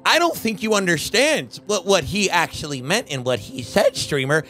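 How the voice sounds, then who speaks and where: A man's voice: high voice, very animated, moderate pace, pushed and bright, faint music behind, full character voice. A man mocking a smug know-it-all chat viewer. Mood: condescending. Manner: condescending, lecturing.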